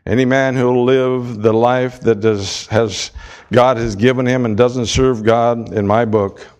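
A man preaching a sermon with emphatic, deliberate delivery and dramatic pauses. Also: mid-range voice, darkish tone.

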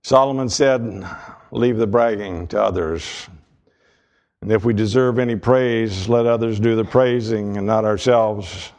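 A male pastor preaching a sermon in a measured delivery, mixing scripture with folksy humor. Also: lowish voice, a little mellow.

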